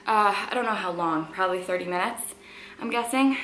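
A woman's voice: mid-range voice, fairly quick, over music. A woman fitness vlogger chatting casually at home in an upbeat, filler-heavy way. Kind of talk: casual vlog chat.

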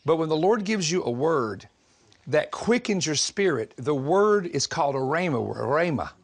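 A man from the southern United States preaching a sermon, telling stories in an animated, joking way and laughing often. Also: a little high, moderate pace. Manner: animated, humorous storytelling with frequent laughter.

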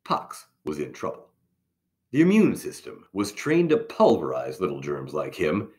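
Slow, expressive man reading a storybook. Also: sits low. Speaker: storybook reader. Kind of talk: children's picture book read-aloud.

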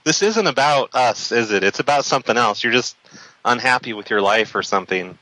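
A man's voice: medium pitch, lively intonation, a little fast, pushed and bright, no echo, rough recording. A man posing as a phone agent, dismissive and mocking toward the caller.

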